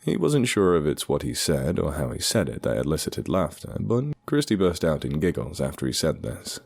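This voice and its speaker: A man with a very deep, husky voice telling a horror story, his intonation rising and falling freely. Faint dark music sits under his words. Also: very animated, moderate pace. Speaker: narrator.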